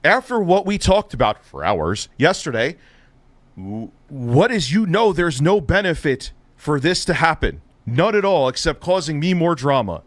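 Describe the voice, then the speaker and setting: A man livestreaming a heated rant, swearing freely and dripping with sarcasm. His voice sits a bit high for a man. The sound is dry, with no room echo. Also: sing-song, measured pace. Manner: profane, sarcastic, ranting. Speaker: live streamer host. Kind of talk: heated live-stream rant.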